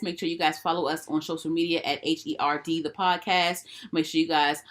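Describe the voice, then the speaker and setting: A woman's voice: low-pitched, flat delivery, brisk, hardly any pauses, fairly bright tone. A young woman co-hosting a casual podcast, talking in a slangy, laid-back way and often answering with mm-hmm. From DMV area, US. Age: young adult. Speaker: podcast co-host. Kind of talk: casual chat.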